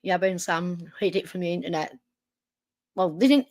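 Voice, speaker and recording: Woman host reacting to clips, sarcastic and sweary, lowish voice, close dry sound. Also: animated, moderate pace, a little mellow, no room sound. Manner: sarcastic, sweary, talks back at the clip. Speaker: streamer host. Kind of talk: reaction commentary.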